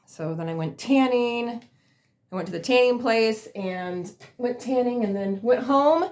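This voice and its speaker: A woman's voice: a little high, a little slow, darkish tone. A woman casually telling funny work stories on her vlog, rambling with lots of fillers and laughing at herself. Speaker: vlogger. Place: at home in a chair.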